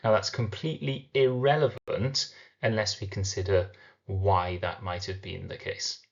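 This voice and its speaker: A man teaching a recorded literature lesson, explaining step by step and slowing down to sound out syllables. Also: lowish voice, fairly even intonation, gravelly, lo-fi sound.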